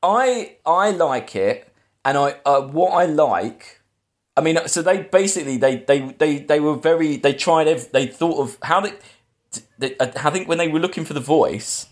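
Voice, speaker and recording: A man's voice: a little high, lively intonation, moderate pace. A man hosting a casual film-review podcast, rambling through plot retellings with lots of restarts. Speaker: podcast host.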